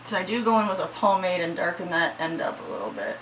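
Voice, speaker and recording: A woman's voice: fairly low pitch, sing-song, fast talker, slight background noise, poor audio. A woman chatting casually through a makeup tutorial at home, shaky and anxious, swearing freely. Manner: chatty, swears freely, yells at her dogs. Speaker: beauty vlogger.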